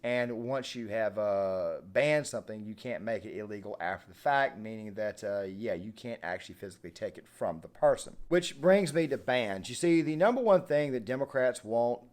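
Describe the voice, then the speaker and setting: A man hosting his own channel, delivering unscripted political commentary in an animated, emphatic way, with frequent fillers and restarts. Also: on the low side, normal speed, hardly any pauses.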